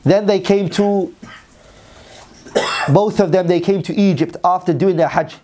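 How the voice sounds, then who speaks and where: A man's voice: high-pitched, a little slow, warm tone, slight background noise. A man teaching a religious story as a sermon, reading Arabic passages and then translating and repeating them in English. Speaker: Islamic teacher.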